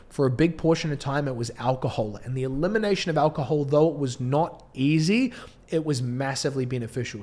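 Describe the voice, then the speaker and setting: A man's voice: medium pitch, darkish tone. Earnest New Zealand man coaching on camera. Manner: earnest, preachy, with frequent restarts and light laughs. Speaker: business coach. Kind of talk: direct-to-camera motivational talk. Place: indoor filming setup.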